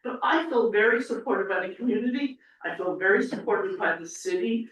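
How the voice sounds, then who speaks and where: A woman's voice: medium pitch, expressive, a little fast, a bit bright. A woman giving an earnest, rambling public comment at a city council meeting, tearful as she speaks. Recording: echoey council chamber, mic at a distance.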